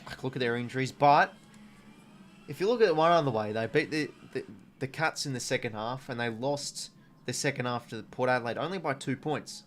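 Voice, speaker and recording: Young Aussie stream host, twenties, medium voice, relaxed rambling delivery, answers chat as he goes. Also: mid-range voice, a little fast, slight background noise. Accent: Australian. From Australia. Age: 20s. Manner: chatty, reads viewer comments, says "mate" often. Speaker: livestream host. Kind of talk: casual live watch-along chat.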